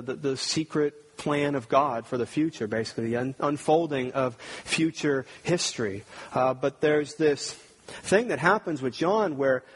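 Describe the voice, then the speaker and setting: A man's voice: mid-range voice, husky, rough recording. A man preaching a sermon as pastor, talking conversationally with frequent restarts and building to emphatic readings of scripture.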